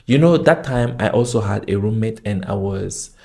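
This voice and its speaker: A man who learned Chinese as a foreign language, teaching its tones in a slow, demonstrative video lesson. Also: on the low side, creaky, darkish tone, slightly rough. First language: not Chinese; learned Chinese as a foreign language. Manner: slow, demonstrative, drawing out tone examples.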